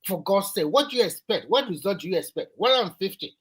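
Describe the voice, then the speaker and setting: A man's voice: sits high, animated, fairly quick, breathy edge. A man speaks as an activist on a live discussion panel. He argues emphatically, circles back to his points and pushes his voice up when heated. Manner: emphatic, repeats himself, gets loud.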